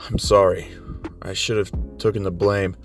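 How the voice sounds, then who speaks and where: A man's voice: deep voice, level tone, moderate pace, faint music behind. A man doing a weary, guilty male teacher. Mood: resigned.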